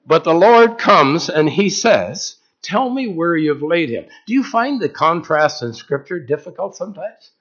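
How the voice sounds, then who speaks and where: Male preacher with a fairly high voice, plain conversational sermon delivery that questions the congregation, muffled lo-fi recording. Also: very animated, unhurried, few pauses, a bit bright.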